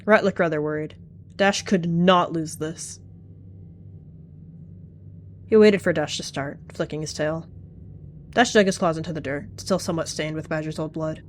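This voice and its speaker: A woman's voice: low voice, steady tone, moderate pace, pauses often, a little hiss or hum. A woman giving dramatic, vivid storytelling narration of a game roleplay. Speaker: channel host narrating a roleplay.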